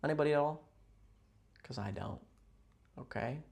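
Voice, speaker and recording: A man chatting casually with viewers on a livestream from a hotel room, rambling, playful and sarcastic, jumping between loud outbursts and mutters. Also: a little high, normal speed, vocal fry. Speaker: livestream host.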